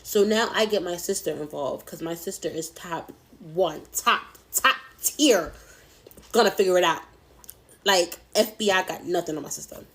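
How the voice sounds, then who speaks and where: A woman's voice: fairly low pitch, brisk. A young adult woman telling a personal story in a casual, candid, chatty way, swearing freely.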